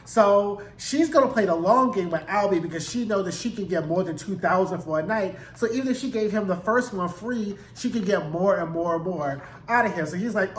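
A man with a high voice gives a casual, slangy recap of a TV episode. He keeps the talk loose and often acts out the characters' lines. The sound rings with a roomy echo. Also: fairly quick, few pauses, a little hiss or hum. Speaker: TV show reviewer.

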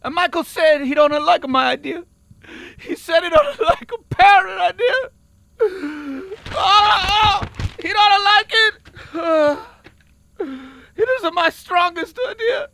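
An actor playing an excitable male game designer who speaks broken English, talking loudly and high-strung. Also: normal speed, few pauses, dry recording, full character voice. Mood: heartbroken. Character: excitable man designer pitching a silly game. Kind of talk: video game voice acting.

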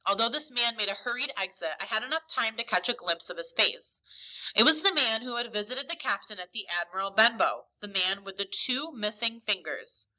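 A woman reads a novel aloud for a lesson, and her storytelling is expressive and emphatic. Her voice is very bright, ringing and fairly high. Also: normal speed, low-quality recording. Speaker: teacher.

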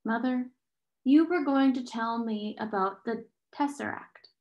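A woman's voice: fairly high pitch, a little slow, dull audio. A woman reading aloud and voicing an insistent, prickly teenage girl, in an echoey room. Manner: insistent, demanding.

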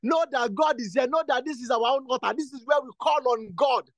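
A man's voice: very high-pitched, a little fast, no room sound. A man leading a prayer session, preaching and praying in an insistent, repetitive way that builds to fervent bursts. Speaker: prayer leader. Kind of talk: exhortation and spoken prayer.

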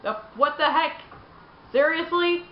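A woman's voice: high voice, unhurried. A woman giving casual, rambling commentary over her gameplay, joking at her own expense. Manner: rambling, self-deprecating, laughs at own jokes. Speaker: gaming video creator. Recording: roomy, muffled, faint noise.

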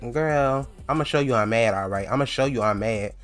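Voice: medium pitch, fairly quick, faint music behind, close to an everyday voice. A man voicing a jealous young woman in a life-sim story, talking back to a rival with sassy slang. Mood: furious.

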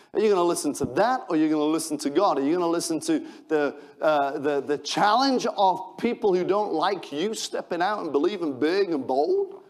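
A man's voice: on the high side, darkish tone. A man with an English accent preaching an impassioned sermon as pastor, reading scripture aloud and calling out to the congregation. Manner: impassioned preaching with call-outs and Bible reading. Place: church in Manchester.

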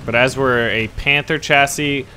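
A man giving casual gameplay commentary on a tank game, excitable and quick to burst into loud cursing. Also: mid-range voice, slight background noise.

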